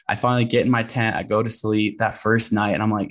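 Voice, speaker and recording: A man, a guest on a podcast, telling adventure stories in a lively way and acting out his own inner voice. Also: lowish voice, fast talker, hardly any pauses. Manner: animated storyteller who acts out his inner voice. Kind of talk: podcast conversation.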